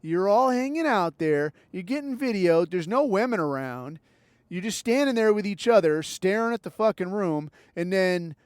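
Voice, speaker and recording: A man's voice: high voice, lively intonation, normal speed, smooth, no echo, clean studio sound. Sarcastic, profane male podcast host. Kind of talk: casual solo monologue.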